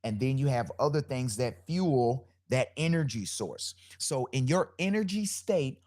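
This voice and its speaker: A man with a deep bass voice hosting a live solo podcast, talking loosely about energy and spirit and repeating his phrases. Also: animated, measured pace, a little mellow. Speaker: podcast host.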